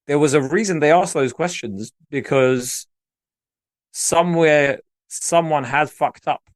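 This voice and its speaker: A man's voice: fairly high pitch, a little slow, dry recording, clean studio sound. A man co-hosting a podcast, telling stories in casual, slangy, emphatic talk. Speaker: podcast co-host. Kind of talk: casual chat.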